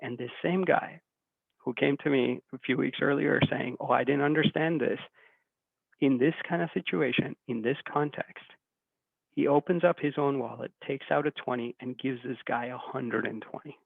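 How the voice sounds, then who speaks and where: Man speaking to an audience, animated storyteller, gravelly husky voice, tinny dry phone-like recording. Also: mid-range voice, normal speed, dry recording. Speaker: speaker giving a talk. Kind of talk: storytelling talk.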